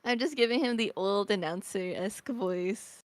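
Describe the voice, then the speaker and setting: A woman streamer chatting casually and excitably while playing a game. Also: medium pitch, normal speed. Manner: giggly, excitable. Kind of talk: casual let's-play commentary. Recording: faint game music behind.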